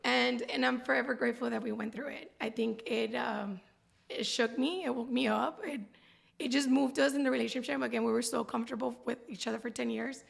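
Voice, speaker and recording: A woman's voice: on the high side, fairly even intonation, fairly quick, gravelly. A woman in her thirties, a guest telling her story candidly in a heartfelt, rambling way. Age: 30s. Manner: heartfelt, rambling, with frequent laughs. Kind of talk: candid personal interview talk.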